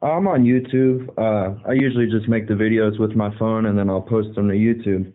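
A male caller speaks earnestly and somewhat preachily, his voice at a middle pitch. It comes through a narrow, phone-like line. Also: steady tone, a little fast. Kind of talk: casual call-in chat.

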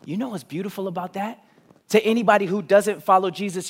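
High-voiced man preaching, hushed to emphatic. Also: quick pace, breathy edge. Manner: swings from hushed, near-whispered lines to loud, emphatic rising runs. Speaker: pastor. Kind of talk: sermon. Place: auditorium.

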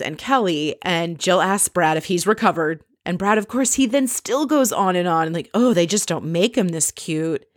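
Chatty, opinionated woman with a low voice. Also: no room sound, clean studio sound. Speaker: reality TV recapper. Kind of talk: casual recap commentary.

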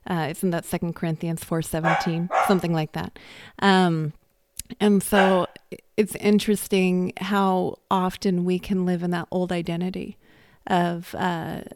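Gravelly-voiced woman hosting a faith podcast. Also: fairly low pitch, little pitch movement, measured pace, a little mellow, slight background noise. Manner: reflective, storytelling with acted quotes. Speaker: podcast host. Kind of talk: casual faith conversation. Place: indoors at home or studio, drinking coffee.

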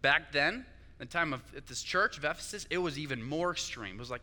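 A man's voice: on the high side, fairly quick, bright, forceful tone, in a large hall. A young man preaching a sermon, conversational and chatty, often asking his listeners "right?". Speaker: pastor.

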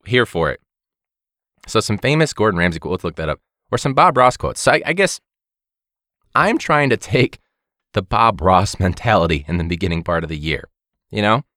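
A man's voice: on the low side, big pitch swings, moderate pace, pauses often, bright, forceful tone, dry recording, studio quality. A man, a teacher, hosting a casual comedic monologue, rambling and joking and swearing often. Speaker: teacher and podcast host.

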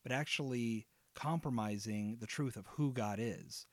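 A man explains Bible study in an earnest, conversational way, sometimes with a light joke. His pitch sits in a middle range for a man. The recording is dry and close, with no room echo. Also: measured pace. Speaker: Bible teacher.

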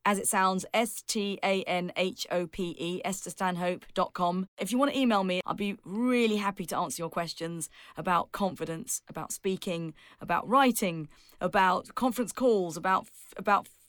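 Woman, speaking coach, podcast guest, lively and emphatic, laughs a lot, dry close sound. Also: lowish voice, moderate pace, no echo. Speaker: public speaking coach and author.

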